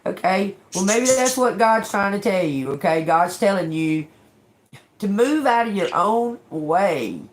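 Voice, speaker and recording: There's a little hiss or hum as a woman with a mid-range, animated voice reads tarot unhurriedly on a casual live stream. She's encouraging, often ends with "okay?", repeats and restarts words, and mixes in joking sarcasm.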